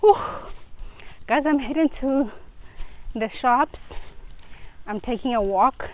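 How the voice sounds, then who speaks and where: A woman's voice: sits high, slow, darkish tone, highs cut off. Breathless woman vlogging on a walk. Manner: chatty and rambling, out of breath from walking. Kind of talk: casual live vlog while walking. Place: outdoors on a street. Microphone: phone held while walking.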